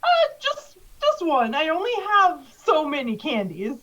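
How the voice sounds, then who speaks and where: A woman's voice: extremely high pitch, expressive, a little slow, highs cut off, voice pushed up. A woman voicing a nervous, messy male scientist in a lab coat who stammers and hesitates. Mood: anxious.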